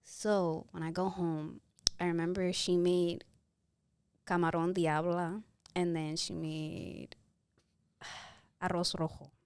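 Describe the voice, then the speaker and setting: A woman's voice: fairly low pitch, takes it slowly, pauses often, smooth. A woman in her twenties telling a story as a podcast guest on a close mic, acting out the people in it. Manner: animated, acts out the people in her stories. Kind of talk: casual storytelling.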